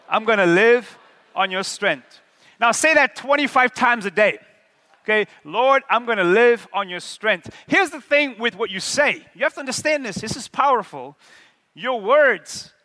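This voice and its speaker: Animated high-voiced preacher, man, hall reverb. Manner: animated, call-and-response with the congregation. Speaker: pastor. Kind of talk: sermon.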